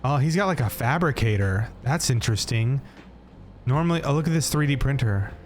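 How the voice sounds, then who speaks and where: A man's voice: medium pitch, animated, brisk. A man streaming a game, chatting casually, laughing often and reading in-game dialogue aloud in playful put-on voices. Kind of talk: casual gameplay commentary.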